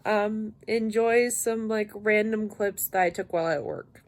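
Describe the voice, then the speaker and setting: A young woman talking casually in a late-night book vlog, tired and yawning, with a sleepy, low-energy delivery. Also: steady tone, unhurried. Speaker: book vlogger.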